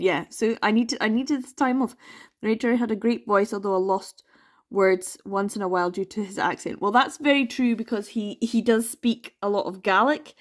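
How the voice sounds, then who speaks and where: A young woman from the Isle of Lewis with a Scottish Western Isles accent, chatting casually and reflectively in a reading vlog, often trailing off and restarting. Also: mid-range voice. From Isle of Lewis, Scotland. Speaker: book vlogger.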